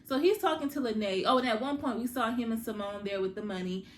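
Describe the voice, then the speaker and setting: Chatty woman recapping a show, roomy sound. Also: a little high. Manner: chatty, addresses viewers directly; paraphrases characters in quick asides. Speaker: TV recap host. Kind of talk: casual recap chat. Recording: roomy echo with faint background hum.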